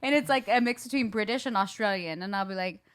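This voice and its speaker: A woman's voice: mid-range voice, fast talker, a bit bright, clear, resonant tone. A woman in her thirties hosting a podcast in a casual chat, giggly and rambling with lots of fillers. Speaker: podcast host.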